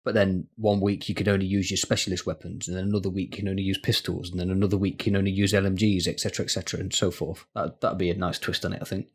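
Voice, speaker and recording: A man's voice: deep voice, level tone, very fast, few pauses, husky. A man co-hosting a casual gaming podcast, trading jokes and easy banter. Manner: joking banter. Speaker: podcast co-host.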